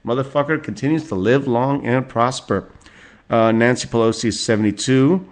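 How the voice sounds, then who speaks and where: A man's voice: medium pitch, normal speed. A man in his forties hosting a solo podcast, reading out celebrity birthdays with rambling, profane asides and chuckles. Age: 40s. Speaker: podcast host.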